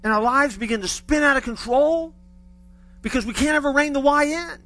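A man's voice: very high-pitched, moderate pace, bright, forceful tone, faint music behind. A man preaching a sermon to a church congregation in a conversational way, with joking asides and frequent restarts. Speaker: pastor.

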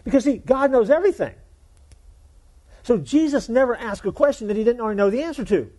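A man's voice: very high voice, animated, quick pace, dark tone. A male pastor giving a sermon in a conversational, folksy way, joking with the congregation.

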